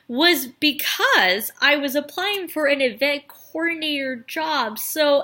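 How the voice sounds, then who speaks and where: A woman's voice: high voice, bright, forceful tone. A young woman vlogging, telling a story in a chatty, rambling way full of filler words. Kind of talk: casual storytelling to camera.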